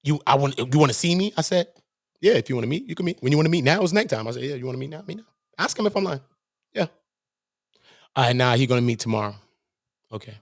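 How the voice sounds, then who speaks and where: Animated, heated New York man ranting. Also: mid-range voice, fast talker, pauses often, no room sound, clean studio sound. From Brooklyn, New York. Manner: animated, repetitive, profane, acts out quoted voices. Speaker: channel host. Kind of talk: heated livestream rant.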